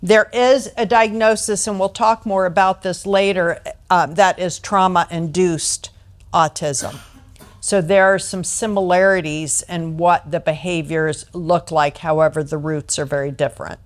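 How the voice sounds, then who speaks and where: A woman's voice: on the low side, fairly even intonation, unhurried. A middle-aged American woman leading a training session, explaining points through family anecdotes and acting out the quoted voices. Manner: storytelling, acts out quoted voices.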